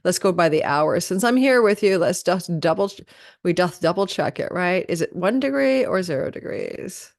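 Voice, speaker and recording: A woman hosts a live astrology forecast at the quick clip of an auctioneer, chatty and prone to correcting herself mid-sentence. Her voice sits on the low side for a woman. The sound is dry and close, with no room around it. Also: expressive, gravelly, no echo. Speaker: astrology channel host.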